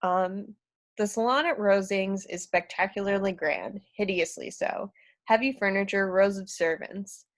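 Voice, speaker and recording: A woman's voice: mid-range voice, unhurried. A woman narrating stage directions in a script reading, a bit hesitant. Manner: hesitant, with fillers.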